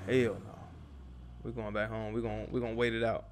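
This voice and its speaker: In a flat delivery, a bit fast and on the low side, a young father plays a survival game for his YouTube channel with slight background noise. He swears casually and talks to himself and to the characters.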